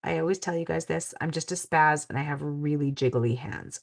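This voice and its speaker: A middle-aged woman hosting a crafting livestream, chatting casually and self-deprecatingly, often dropping to quiet mutters as she works. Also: deep voice, fairly even intonation, moderate pace, vocal fry.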